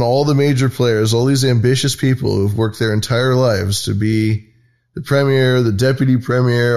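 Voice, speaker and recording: A man's voice: medium pitch, a little mellow. Profane, rambling male podcast host. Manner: loose, profane, mocking, full of restarts. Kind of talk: casual profane commentary.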